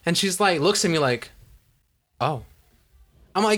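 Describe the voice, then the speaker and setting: A young man telling stories in casual chat, animated and swearing a lot, acting out what people said. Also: high voice, measured pace, long pauses. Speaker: podcast co-host.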